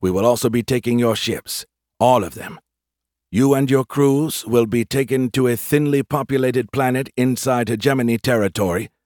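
A man voicing a calm, confident human general in an audiobook, courteous with a dry, taunting edge. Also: mid-range voice, normal speed, dry recording, lightly acted. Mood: courteous, firm. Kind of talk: audiobook character voice.

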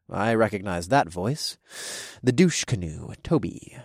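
Young male audiobook narrator, wry and casual, lively pitch, dry close studio sound. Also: unhurried, breathy edge, dry recording. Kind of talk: first-person scripted narration.

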